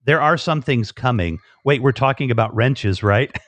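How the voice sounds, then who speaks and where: A man's voice: mid-range voice, normal speed, a bit bright, no echo. A man with an American accent hosting a livestream, chatting playfully with lots of fillers and restarts. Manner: playful, flirty, rambling with many fillers. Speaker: livestream host. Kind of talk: casual livestream chat.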